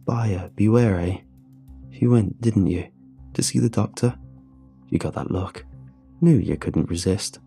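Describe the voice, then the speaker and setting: Guy doing a sad bearded drunk, husky and low, crying into his whiskey, faint music under it. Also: a little slow, long pauses, warm tone, heavily acted. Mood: knowing. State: sobbing. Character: weepy, bitter drunk man with a graying beard.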